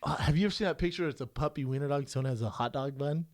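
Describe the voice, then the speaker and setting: A young man co-hosting a podcast in a studio, joking loudly and riffing on silly bits in casual chat. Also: mid-range voice, racing, dry recording. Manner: joking, loud and goofy, repeats bits. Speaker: podcast co-host.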